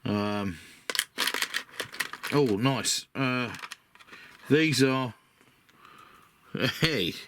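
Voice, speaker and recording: A middle-aged British man who builds miniature models chats in a rambling, self-deprecating way while sorting parts in his workshop for a casual hobby vlog. His voice is medium-pitched and a bit bright with no echo, though the workshop recording is noisy and full of clicks.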